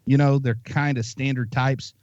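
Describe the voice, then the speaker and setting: A man's voice: mid-range voice, fairly even intonation, normal speed, darkish tone, no room sound. Brief: male podcast co-host, rambling and self-correcting, slightly muffled dry sound. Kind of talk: casual chat.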